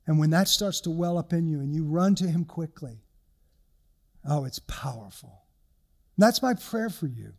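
A man's voice: a little high, lively intonation, normal speed, creaky, long pauses, a little mellow. An older male pastor delivering an earnest, conversational sermon with personal stories.

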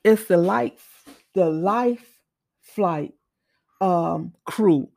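Woman, mid-range and gravelly, telling a heartfelt testimony; earnest storyteller, dry close recording. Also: lowish voice, extremely slow, a little mellow, dry recording. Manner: earnest, repeats and restarts, acts out quoted voices. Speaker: mother telling a faith testimony.

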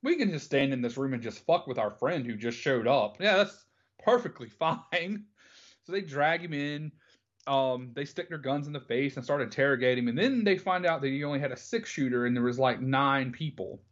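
A man's voice: mid-range voice, animated, normal speed, muffled recording. A man co-hosting a casual film podcast, retelling scenes and acting out lines. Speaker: podcast co-host.

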